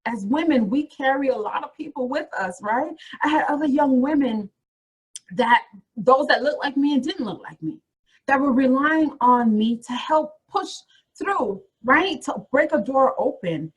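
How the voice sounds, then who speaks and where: Woman, career coach, motivational webinar, encouraging, repeats phrases, husky voice. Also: high-pitched, animated, a little slow, dull audio. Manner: encouraging, repeats phrases, addresses listeners directly.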